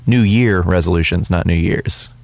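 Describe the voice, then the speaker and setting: A man co-hosting a radio talk show, bantering slowly with lots of laughter. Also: sits low, gravelly, no echo. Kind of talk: casual radio chat.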